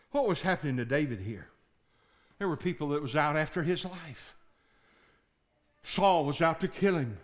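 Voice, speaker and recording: A male pastor preaching a sermon, dropping to low murmurs and rising to shouted, pleading prayers.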